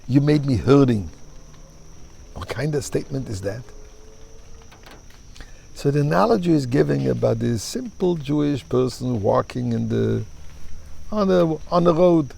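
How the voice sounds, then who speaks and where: A man's voice: mid-range voice, lively intonation, moderate pace, creaky, warm tone, husky. A man, a rabbi, giving a fervent sermon and telling a parable with emphatic storytelling.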